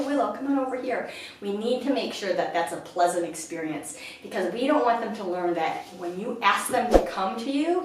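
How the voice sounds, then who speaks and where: A woman dog trainer giving an instructional lesson indoors at home, breaking into a high sing-song voice to praise the dog. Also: slight background noise. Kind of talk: instructional talk to camera. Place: indoors in a house. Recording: echoey room, mic at a distance.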